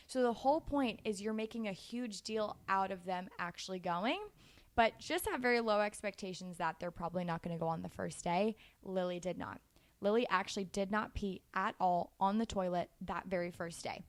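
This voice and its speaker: A woman in her twenties giving casual, animated parenting advice in a chatty way, laughing easily. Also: medium pitch, fairly quick. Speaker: parenting vlogger.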